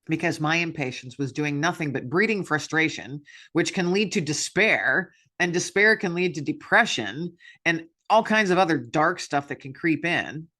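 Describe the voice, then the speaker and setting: Woman, podcast host, personal monologue, candid, self-deprecating, upbeat, bright voice. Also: sits low, expressive, normal speed, few pauses.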